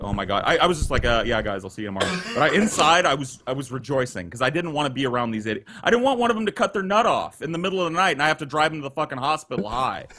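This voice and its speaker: Animated man telling a crude story. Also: medium pitch. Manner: animated, profane, voice jumping up when excited. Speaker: podcast guest storyteller. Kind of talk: casual storytelling. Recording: noisy podcast audio.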